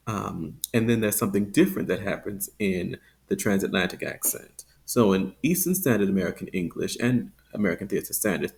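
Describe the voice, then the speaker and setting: A man teaching phonetics, explaining with frequent ums and slowly demonstrating example sounds. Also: fairly low pitch, creaky. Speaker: accent teacher.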